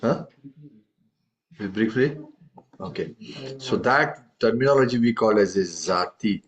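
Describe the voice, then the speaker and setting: A man's voice: fairly low pitch, a little slow. A man teaching a tabla lesson, explaining patiently and often checking in with questions. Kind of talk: live music lesson. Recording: dull lo-fi audio.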